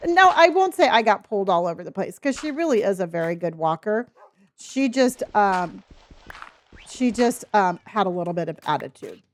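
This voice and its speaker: A woman's voice: medium pitch, lively intonation, normal speed. A middle-aged woman livestreaming a game, chatting casually and rambling as she reads her chat and laughs often. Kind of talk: casual chat while gaming.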